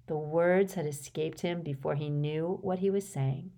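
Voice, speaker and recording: Woman, audiobook narration, scripted, measured, slightly low voice. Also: steady tone, gravelly, warm tone.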